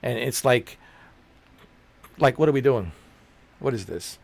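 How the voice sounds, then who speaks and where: A streamer chatting casually, ranting in a rambling, blunt and profane way and repeating himself. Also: male voice, medium pitch, animated, unhurried, gravelly.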